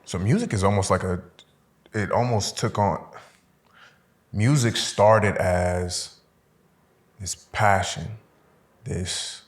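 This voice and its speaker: A man hosting a casual podcast interview, asking calm, probing questions and adding short replies. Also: sits low, slow, long pauses. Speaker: podcast host.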